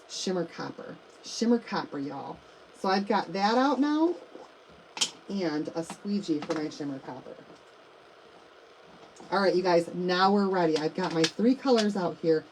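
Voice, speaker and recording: A woman's voice: mid-range voice, a little mellow, slight background noise, low-quality recording. A middle-aged woman hosting a live craft demonstration, chatting to viewers as she works. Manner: chatty, addresses viewers as you guys and y'all. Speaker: craft livestream host.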